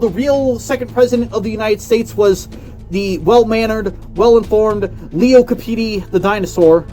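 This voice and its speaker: A young man with a high voice delivers a satirical mock-conspiracy tale. He rants with mock seriousness, booming one moment and dropping to a hushed tone the next. Faint music plays underneath. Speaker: comedy video narrator.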